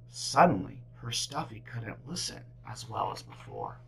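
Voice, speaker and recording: A woman teacher reading a picture book aloud to children, with big expressive swings in her delivery. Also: rumbling low, unhurried, vocal fry, few pauses, breathy edge, low-quality recording. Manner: animated, big swings for characters.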